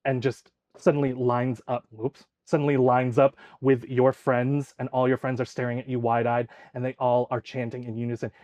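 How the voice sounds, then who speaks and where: A man running a tabletop game, painting each scene in vivid, descriptive detail. His voice sits at an ordinary middle pitch and is close and dry. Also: level tone, moderate pace, hardly any pauses, a little mellow, no room sound, lo-fi sound. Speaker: game master.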